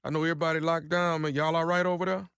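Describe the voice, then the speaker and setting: A man playing a laid-back, halting caller who pines for a friend's wife in a prank phone call, with slangy talk and lots of repeats. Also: on the high side, level tone, fairly bright tone, smooth, no echo, clean studio sound, voice pushed up. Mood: sheepish. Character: smooth-talking man pining for a friend's wife. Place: radio studio.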